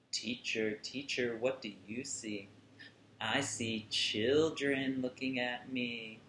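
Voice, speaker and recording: A man reads a picture book aloud to young children, unhurried and playful, with a mid-range voice. He sounds gentle and expressive. The recording carries a roomy echo from the indoor space. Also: medium pitch, a little hiss or hum. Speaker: children's museum educator.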